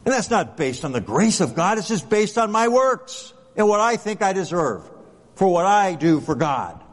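In a long, reverberant hall, a man preaches as pastor in a high-pitched, sing-song voice at normal speed. His style is conversational, leaning on rhetorical questions and a habitual "right?"

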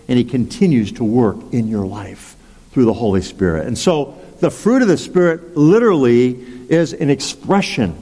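A male pastor preaching a sermon, unhurried and emphatic, repeating words and leading the congregation in call-and-response. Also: medium pitch, darkish tone. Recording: long hall reverb.

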